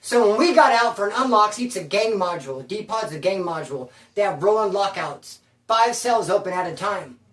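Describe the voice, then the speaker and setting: A man's voice: high voice, animated, normal speed, hardly any pauses, a bit bright, distant mic. A man telling his own prison story in casual first person, full of street slang and calling the listener bro. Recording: roomy sound, away from the mic.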